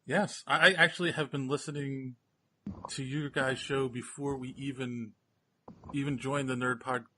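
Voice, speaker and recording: An older man hosting a podcast, who laughs often and talks in a halting, chatty way. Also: medium pitch, steady tone, pushed and bright, slight background noise. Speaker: podcast host. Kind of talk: casual chat.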